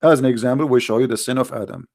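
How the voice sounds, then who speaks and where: A man's voice: mid-range voice, very fast, a little mellow. A man delivering a solo commentary monologue with a sarcastic, emphatic manner, speaking English with non-native grammar. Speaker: online debater.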